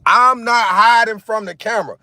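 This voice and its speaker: A man's voice: sits high, moderate pace, bright, forceful tone, no echo. A man live-streaming from his car on a phone, talking straight to his viewers in a repetitive, emphatic rant. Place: in a car, outdoors in sunlight. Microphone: phone camera.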